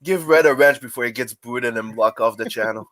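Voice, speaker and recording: A man from Canada with a French Canadian accent, chatting and joking on a livestream, telling stories with lively energy. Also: medium pitch, fairly quick. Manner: animated, joking storyteller. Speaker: stream regular. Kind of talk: casual livestream chat.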